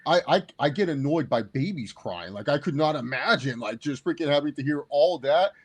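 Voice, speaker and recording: An excitable man with a fairly high voice, talking fast and loose in a casual movie review chat. He swings his voice up and down, acting out bits of scenes as he goes. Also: breathy edge. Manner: excitable, animated, acts out quotes. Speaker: podcast co-host.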